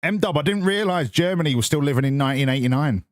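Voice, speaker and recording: A man's voice: on the high side, expressive, quick pace, dry recording, clean studio sound. Sweary man on a livestream. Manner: sweary, sarcastic, rambling, reads chat aloud. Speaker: streamer. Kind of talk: casual live-stream chat.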